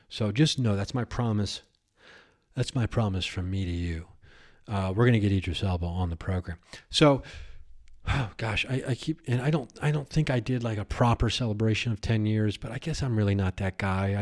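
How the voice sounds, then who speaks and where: A comedian hosts his own podcast in a fairly low-pitched voice. He delivers a rambling, excitable solo monologue packed with restarts and riffs.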